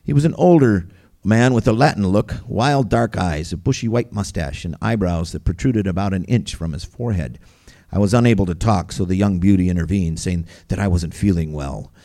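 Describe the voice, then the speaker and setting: A man's voice: low voice, normal speed, warm tone. A man reading his own first-person memoir aloud as a storyteller, vivid, wry and gritty.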